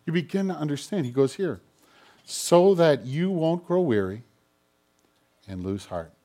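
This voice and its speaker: A man preaching a sermon as a pastor, with an expressive delivery that swings from loud emphasis down to quiet, low prayer. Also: measured pace, long pauses. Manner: acts out quoted voices in the middle of teaching.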